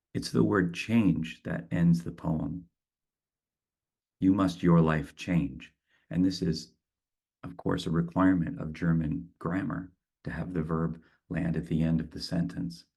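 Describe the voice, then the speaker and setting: A man with a very low, heavily gravelly voice guides a meditation and reads poetry aloud. His tone is husky and unhurried, and he sometimes stumbles and repeats a word as he searches for his thought. He speaks as a reflective poet. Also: steady tone, mellow. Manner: slow, thoughtful, with halting repeats. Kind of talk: reflective talk and poetry reading.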